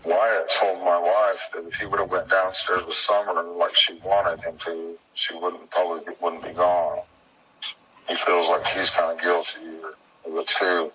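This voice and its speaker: Interviewee, man: low, halting, plainspoken, heard from far off on a muffled recording with faint hiss. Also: little pitch movement. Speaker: interviewee, missing girl's father. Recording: dull, distant phone-like recording with faint noise.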